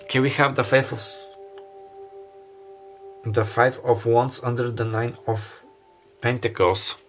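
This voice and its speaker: A man's voice: mid-range voice, fairly even intonation, a little slow, soft background music. A man giving a pick-a-card tarot reading, rambling and earnest, often stopping to restart and leaning on "like" as he talks. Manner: rambling, stops and restarts, heavy use of "like"; earnest and openly emotional.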